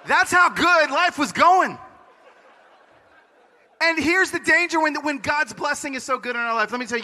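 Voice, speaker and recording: A man giving a personal testimony sermon as a conference speaker, dramatic, swinging from loud to hushed. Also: very high voice. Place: large hall before an audience. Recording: long hall reverb.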